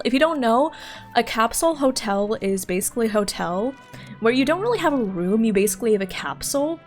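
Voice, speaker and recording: A young woman streaming a game, chatting casually in an excitable, chatty way and laughing often. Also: on the high side, a little fast, faint music behind. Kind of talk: casual gaming stream chat.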